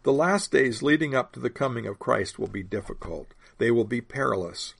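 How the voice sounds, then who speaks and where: A man delivers a sermon, walking listeners through scripture in a measured teaching voice. His tone is gravelly and a little husky, recorded close and dry with no room around it. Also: medium pitch, a bit bright, dry recording. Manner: measured teaching, slowing on key phrases. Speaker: preacher.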